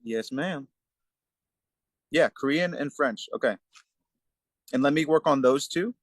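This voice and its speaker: A man answers questions on an online call in an easygoing, polite way, with a middle-pitched voice. The sound is dry, with no room in it. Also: measured pace, no echo. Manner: easygoing, polite, says "yes, ma'am". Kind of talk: casual Q&A on a video call. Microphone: video call.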